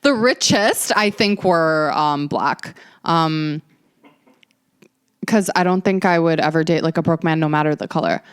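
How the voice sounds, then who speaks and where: A woman's voice: low voice, measured pace, clear, resonant tone. Sassy young woman ranting on a podcast. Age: early 20s. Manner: animated, ranting, profane, sassy. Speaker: podcast host. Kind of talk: casual storytelling chat.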